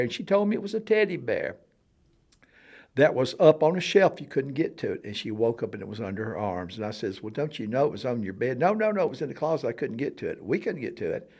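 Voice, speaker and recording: A man telling a personal story in casual conversation, dropping to a hush and then booming out sound effects, laughing often. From Alabama. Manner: animated, swings from hushed to loud for sound effects, laughs often. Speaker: storyteller guest on a talk show.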